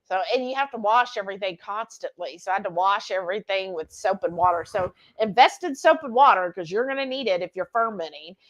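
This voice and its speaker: A woman's voice: medium pitch, a little fast, few pauses, lo-fi sound. Chatty woman hosting a cooking livestream. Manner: chatty, animated, laughs often. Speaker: livestream cooking show host. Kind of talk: casual chat reading viewer comments.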